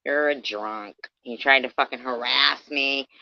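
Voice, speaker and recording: A woman ranting profanely on a livestream, swinging from yelling to low muttering, heard through dull lo-fi stream audio. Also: unhurried, vocal fry, no echo.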